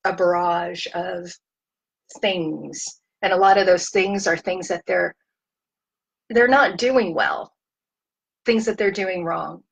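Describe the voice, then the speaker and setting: A woman family therapist giving a casual, conversational talk to parents, acting out what parents and teens say in quick asides. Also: medium pitch, a bit bright, poor audio.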